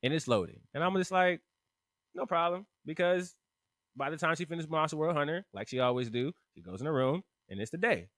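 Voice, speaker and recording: A man co-hosting a casual podcast, telling a story in an animated, profane way and acting out the voices of the people in it. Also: on the high side, fairly quick, dry recording. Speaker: podcast co-host.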